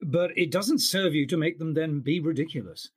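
Husky and a little high, this man's voice moves at a moderate pace. He narrates audiobooks for a living and here answers interview questions thoughtfully, frequently starting his sentences over.

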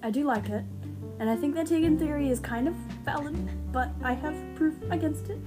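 A young woman hosting an unscripted fan-theory podcast, excitable and rambling, who speeds up when excited. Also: high-pitched, brisk. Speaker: podcast host. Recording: music playing behind the voice.

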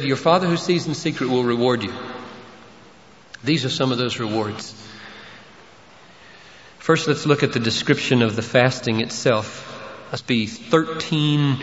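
A man's voice: medium pitch, a bit bright, slight background noise. A man delivers a sermon with emphatic, rising force on his key points. The sound is dull and lo-fi, and it carries a long, roomy echo from a large church sanctuary. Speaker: pastor. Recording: echoey hall, dull lo-fi sound.

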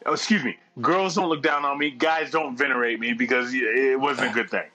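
A middle-aged man telling a long anecdote in casual chat, profane and animated, laughing as he goes. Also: mid-range voice, brisk, a crowd in the background.

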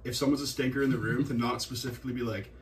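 A man's voice: mid-range voice, fairly even intonation, racing. A man holds forth in a loose, profane podcast chat, rambling through stories with plenty of swearing. He sits back from the mic, so his voice comes across a little distant. Faint background noise runs under everything.

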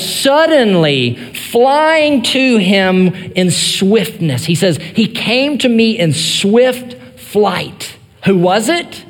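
A male pastor preaching an earnest sermon, rising in emphasis and then dropping to soft, quiet phrases. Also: sits high, long reverb tail.

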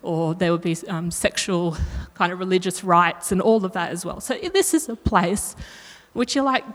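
A woman's voice: medium pitch, moderate pace. A woman preaching a sermon in a chatty way, correcting herself and asking the room questions. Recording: long reverb of a hall.

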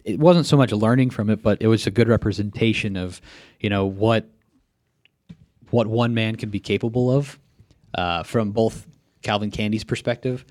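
A man with a low voice sharing his views in a relaxed podcast chat. He pauses often and fills the gaps with "uh" and "you know" while he works out his thoughts. The recording is close and dry, with no room sound. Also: no echo. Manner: thoughtful, hesitant, many fillers. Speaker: podcast co-host. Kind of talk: casual film discussion.

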